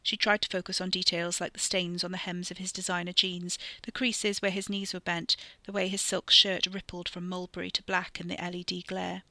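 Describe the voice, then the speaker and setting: A woman narrating her own dark fiction podcast in a measured, even reading. Her voice is slightly low yet bright and forward. It is recorded close and dry, with no room sound. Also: no echo. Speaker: podcast storyteller.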